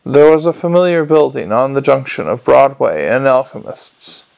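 A man's voice: medium pitch, sing-song, moderate pace, creaky, a little mellow. A man reading a comic fantasy novel aloud as an audiobook narrator, telling it in a dry manner.

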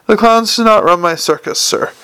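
Brief: male reader as a quietly menacing ruler, clipped and courteous, slightly raised pitch. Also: normal speed, clear, resonant tone. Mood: coolly commanding. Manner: dry, precise, quietly menacing. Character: cool, commanding male city ruler. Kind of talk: audiobook character reading.

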